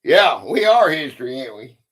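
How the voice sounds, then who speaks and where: A man's voice: mid-range voice, very animated, moderate pace, a bit bright. A man hosting a casual livestream history quiz, chatting and greeting viewers by name. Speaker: livestream host.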